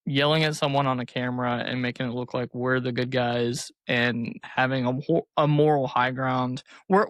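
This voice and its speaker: A man's voice: medium pitch, a bit bright, no echo. Laid-back male podcast guest. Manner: frank, laid-back, swears casually. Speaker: guest co-host. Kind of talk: casual podcast chat.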